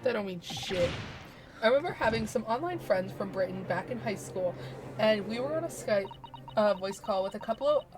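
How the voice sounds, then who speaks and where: A woman chats casually on a game stream, rambling from story to story and laughing often. Her voice sits at an ordinary middle pitch, and faint music plays underneath. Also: expressive, normal speed. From United States. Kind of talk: casual chat while playing a game.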